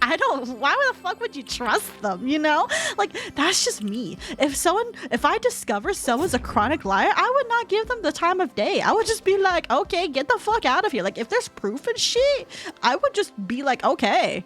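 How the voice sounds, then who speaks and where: Young female streamer, high and very animated, cursing freely as she tells a story. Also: moderate pace, faint music behind. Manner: profane, animated, laughs often. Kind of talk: casual storytelling chat.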